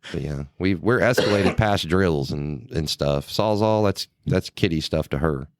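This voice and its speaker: A very deep-voiced man chatting casually on a podcast. He tells wry, exaggerated stories, and the sound is dry and close-miked. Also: measured pace, no room sound. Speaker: podcast co-host. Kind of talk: casual chat.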